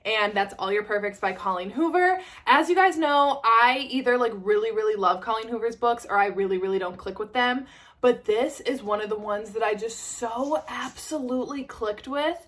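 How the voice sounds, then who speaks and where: This twenty-something book vlogger gushes in casual conversation from her home, filling her speech with "like." She speaks at a normal speed in a fairly high, fairly bright voice.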